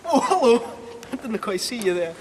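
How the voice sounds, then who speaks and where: A man hosting a spoof town tour, talking outdoors in a rambling, deadpan way with swearing asides. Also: very high-pitched, normal speed, a crowd in the background. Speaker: spoof town guide host. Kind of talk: mock-serious walking tour monologue. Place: outdoors in town streets, windy. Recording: windy outdoor sound, far from mic.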